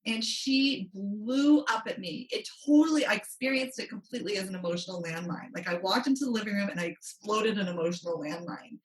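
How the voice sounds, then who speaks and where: A woman's voice: mid-range voice, brisk, hardly any pauses. A woman money coach, a guest on a podcast, telling a story animatedly and acting out quotes. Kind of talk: interview storytelling. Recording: roomy, distant from mic.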